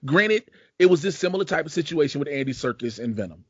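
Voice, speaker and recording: A man's voice: a little high, expressive, fast talker, fairly bright tone, no room sound. A man from Chicago hosting a casual podcast, rambling in a laid-back, profane way with plenty of slang. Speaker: podcast host. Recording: dull lo-fi dry sound.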